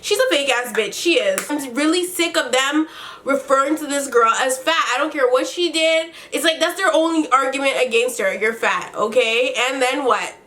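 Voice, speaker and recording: A fairly high-voiced woman talks through a reality TV episode in a loose, unscripted recap. She is blunt and fed up, swears without holding back and acts out what people said in quotes. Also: normal speed. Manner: blunt and exasperated, swears freely; animated retelling with quoted dialogue. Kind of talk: casual commentary recap.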